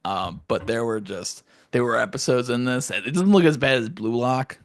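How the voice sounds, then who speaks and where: A man co-hosting a podcast in casual chat, animated and profane, acting out scenes in silly voices. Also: medium pitch, moderate pace, dry recording. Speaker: podcast co-host.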